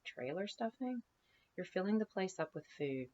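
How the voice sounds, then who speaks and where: Woman doing a breezy chatty mom, coaxing, sing-song, low gravelly voice, dull lo-fi sound. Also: unhurried, full character voice. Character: brash, chatty mother, adult woman, breezy and evasive.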